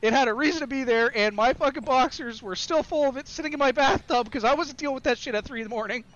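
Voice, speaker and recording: A man's voice: very high-pitched, fast, fairly bright tone, lo-fi sound, slight background noise. A man telling a crude story in a casual podcast chat, laughing between lines. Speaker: podcast guest.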